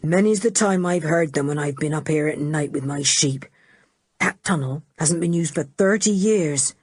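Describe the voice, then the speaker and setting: A weathered old shepherd speaks in a lowered, gruff voice, as a woman narrator puts him on. His warnings come out slow and rustic, with a slightly husky edge, in a dry, close storybook recording. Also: a little mellow, no room sound. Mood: ominous.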